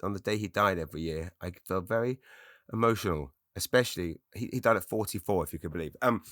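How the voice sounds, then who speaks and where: Rambling man, low and chatty. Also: quick pace, a bit bright, no room sound, clean studio sound. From England. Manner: chatty, rambling, self-deprecating, frequent restarts. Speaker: podcast host. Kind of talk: rambling solo podcast monologue.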